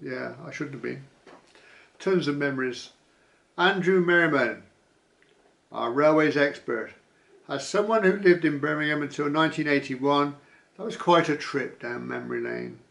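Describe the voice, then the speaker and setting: A man's voice: on the high side, normal speed, gravelly, long pauses, a bit bright. A man vlogging casually, reading viewer comments aloud with dry asides and frequent chuckles.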